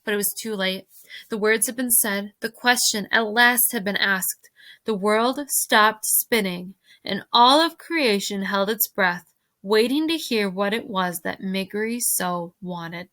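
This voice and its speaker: A woman teacher reading a novel aloud to her class, expressive, pausing to ask questions. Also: medium pitch.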